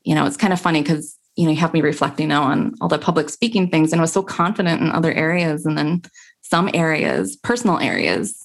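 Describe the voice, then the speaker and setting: A woman guest telling stories in a casual interview, chatty and animated, often laughing and acting out what her friends said. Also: sits low, fast, gravelly. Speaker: podcast guest, tarot reader and tech coach.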